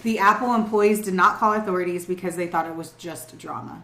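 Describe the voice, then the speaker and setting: A woman's voice: on the low side, fairly quick, a bit bright. A young woman co-hosting a podcast, telling a true-crime story in casual, profane, emphatic chat. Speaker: podcast co-host. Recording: roomy echo.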